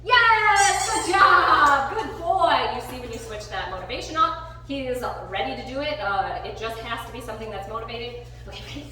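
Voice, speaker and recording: Woman training a dog, fairly high voice, big excited praise then calm talk, far from the mic. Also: quick pace. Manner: bursts of excited, high-pitched praise between calm explaining. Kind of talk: live training demonstration with commentary. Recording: very echoey room, voice from far off the mic.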